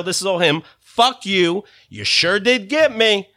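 Man, podcast host, somewhat high voice, very animated, profane rant, exasperated. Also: measured pace. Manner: exasperated, swearing, swinging between mutters and shouts.

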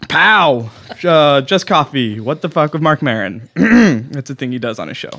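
A man's voice: medium pitch, sing-song, moderate pace. A young man hosting a comedy podcast, delivering a dry, self-mocking monologue and chatting casually with his guests. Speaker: podcast host.

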